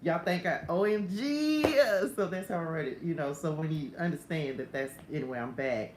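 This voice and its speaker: A woman's voice: sits low, fairly even intonation, fairly quick. A woman giving a casual, laughing, digressive morning devotional straight to her viewers, ending in prayer. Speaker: faith coach hosting a morning message. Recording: echoey room with faint ambient noise.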